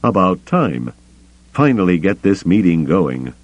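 A man's voice: low-pitched, big pitch swings, measured pace, no room sound, dull audio, voice pushed up, exaggerated voice. A man doing a cocky, sly ship thief.

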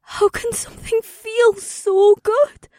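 A man voicing a breathless, eager young woman lover with a breathy voice and a pleading, often whispered manner, reading a storybook. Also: very high voice, little pitch movement, slow pace, a little mellow, no echo, studio quality, pitched above the performer's own voice. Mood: gasping.

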